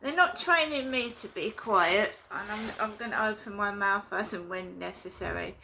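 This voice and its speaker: A woman talking casually to her viewers in a rambling, indignant way, recording a vlog in her flat. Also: medium pitch, moderate pace, vocal fry, a little hiss or hum. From England. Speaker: vlogger. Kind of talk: casual vlog talk to camera.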